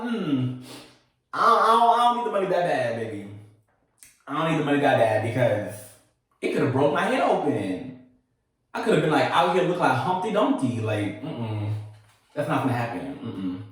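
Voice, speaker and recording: A man hosting a casual storytime, telling a personal tale in a sassy, animated way with laughing asides. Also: medium pitch, moderate pace, very echoey, far from the mic. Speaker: storytelling host.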